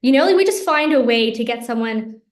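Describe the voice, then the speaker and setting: A woman teaching a religious class, earnest and explaining step by step, slowing down for key phrases. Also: on the high side, animated, echoey room. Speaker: Torah teacher.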